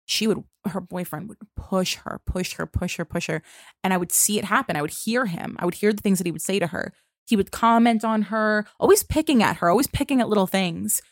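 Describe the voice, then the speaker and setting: A woman's voice: medium pitch, fairly quick, dry recording. Frank young woman chatting, dry close sound. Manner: frank, swears, acts out quotes. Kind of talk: casual chat.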